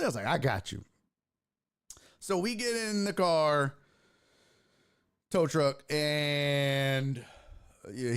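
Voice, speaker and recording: A man hosting a sports podcast, telling a story casually and acting out the people in it, with lots of swearing. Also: medium pitch. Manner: animated, profane, acts out voices in his anecdotes.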